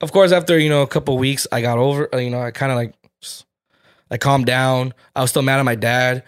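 A man's voice: mid-range voice, steady tone, brisk, clean tone. A man in his twenties, a podcast co-host, telling a candid personal story with plenty of swearing. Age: 20s. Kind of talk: casual chat.

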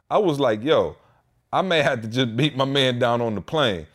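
Animated storytelling man in his thirties. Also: medium pitch, moderate pace. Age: 30s. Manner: animated, quotes people in heated voices. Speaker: podcast co-host. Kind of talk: casual storytelling chat.

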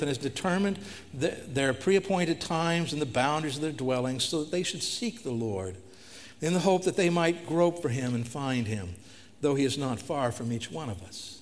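A man preaching a sermon, reading scripture aloud and then explaining it plainly as he urges the listeners to respond. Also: fairly high pitch. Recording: long reverb of a large hall.

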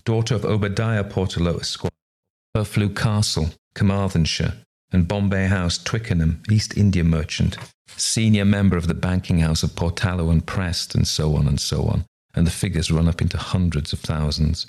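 A man voicing a wry gentleman friend who muses slowly with a hint of mystery. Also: deep voice, fairly even intonation. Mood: musing. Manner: musing, slow and odd.

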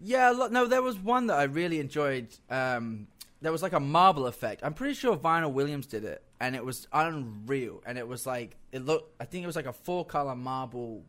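A man, a guest musician telling stories in casual chat and acting out quotes with lively voices. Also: medium pitch, normal speed. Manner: animated storyteller who acts out quotes.

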